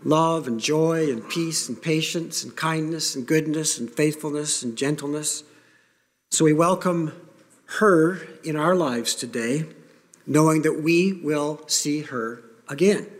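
Man, pastor, earnest sermon, somewhat high voice, reverberant sanctuary. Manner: earnest, emphatic preaching with pauses. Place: church sanctuary. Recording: long reverb of a church hall.

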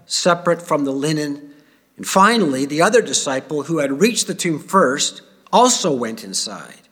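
A man giving a sermon, reading scripture aloud with feeling and dropping to quiet asides. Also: on the high side. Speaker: preacher.

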